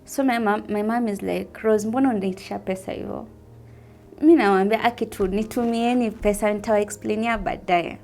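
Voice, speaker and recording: A young woman with a Kenyan accent telling a personal testimony in a soft-spoken way, mixing English with Swahili. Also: mid-range voice, fairly even intonation, a little fast. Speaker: vlogger sharing a personal testimony.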